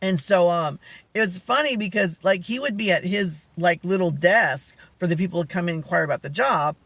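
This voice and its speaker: High-voiced man rambling through a story. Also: normal speed, fairly bright tone, no room sound. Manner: rambling, lots of fillers, acts out phone calls. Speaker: vlogger telling a story. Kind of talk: casual storytelling.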